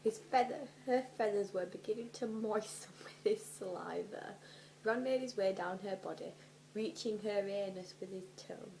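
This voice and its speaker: A young woman doing a comedic dramatic reading, animated and sweary, often dropping into whispers for her asides. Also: medium pitch, normal speed, creaky, a little hiss or hum, poor audio. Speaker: vlogger.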